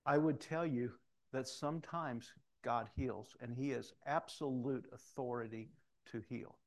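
A middle-aged man with a medium-pitched voice preaches at a measured pace, his intonation fairly even. He relates personal stories and imitates the voices of those he quotes.

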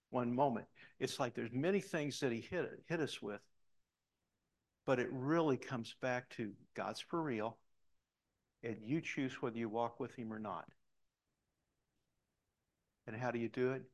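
A middle-aged pastor with a medium-pitched voice and some vocal fry preaches a sermon. He tells a story with animation, then softens his voice to emphasize the key points.

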